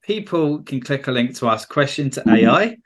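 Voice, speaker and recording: A man from England with a southern English accent hosts a podcast, his medium-pitched voice animated and a little fast. He chats casually, cracks jokes, and slips into mock regional accents.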